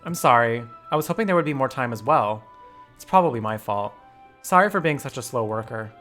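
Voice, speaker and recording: A man voicing a shy, bookish teenage girl from a visual novel, reading her lines quietly and haltingly. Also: medium pitch, lively intonation, faint music behind, close to an everyday voice. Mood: apologetic.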